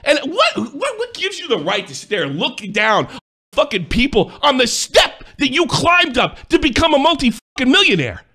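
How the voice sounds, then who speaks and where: A man's voice: very high voice, huge pitch swings, normal speed. Furious man ranting. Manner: angry, profane, accusing, sometimes shouting. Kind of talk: heated rant.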